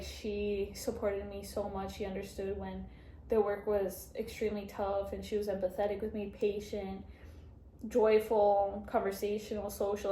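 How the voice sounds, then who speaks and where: A woman's voice: medium pitch, mellow. Gushing young woman in an echoey room. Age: young adult. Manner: emotional, gushing, reads a card aloud. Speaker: vlogger. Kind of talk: casual vlog chat. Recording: echoey room, faint background noise.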